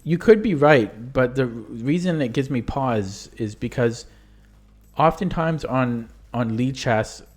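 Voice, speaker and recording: A man's voice: mid-range voice, animated, slow, a little mellow. A young man who is losing his voice, talking casually through his own chess tournament games on a live stream. He rambles, stops to correct himself and lets sentences trail off.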